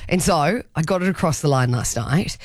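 A woman's voice: low-pitched, animated, normal speed, no echo, studio quality. A young woman co-hosting an afternoon radio show, chatting in a bubbly way and laughing often. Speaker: radio co-host. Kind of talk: casual radio chat. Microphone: studio mic.

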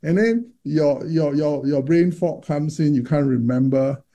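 A male doctor explains carefully in an interview, often restarting and repeating words. His voice is dark and husky with a gravelly edge, pitched a little high for a man. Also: measured pace. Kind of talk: interview about menopause research.

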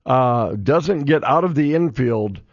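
A man's voice: mid-range voice, expressive, slow pace, husky, no echo. A man hosting a sports radio show, telling stories animatedly and laughing often. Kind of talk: casual sports radio chat. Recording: dull, dry studio sound.

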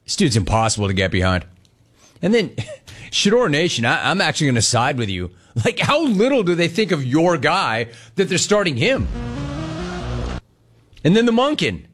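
A man's voice: a little high, huge pitch swings, normal speed, long pauses, fairly bright tone. A man hosting a sports radio show, ranting with mocking emphasis and repeating his points. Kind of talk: opinionated sports rant.

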